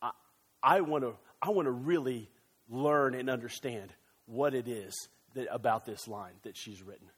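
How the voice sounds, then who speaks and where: A male pastor preaching a sermon in a church, animated and joking, with quick excited bursts. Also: mid-range voice, husky, in a large hall.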